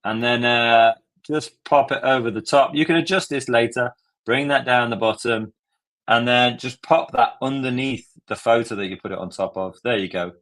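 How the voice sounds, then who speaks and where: A man's voice: mid-range voice, moderate pace, a bit bright. Chatty man hosting a live tutorial. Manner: chatty, jokey, step-by-step. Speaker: tutorial host.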